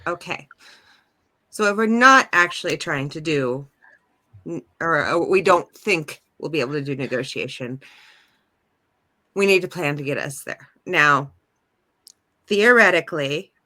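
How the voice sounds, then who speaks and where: A woman's voice: sits low, lively intonation, measured pace, pauses often, pushed and bright. A woman playing a tabletop role-playing game, thinking aloud with hesitant fillers. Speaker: player. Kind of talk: tabletop role-play chat.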